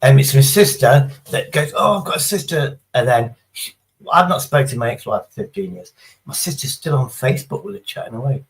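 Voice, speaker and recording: A man's voice: medium pitch, fairly quick, low-quality recording. A middle-aged man, chatting casually on a livestream in a rambling, sweary, sarcastic way. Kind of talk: casual chat.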